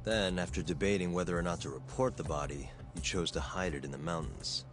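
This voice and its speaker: A man voicing an earnest lawyer-turned-detective in a video game, speaking in a calm, measured way. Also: deep voice, music in the background, natural voice. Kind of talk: game voice acting.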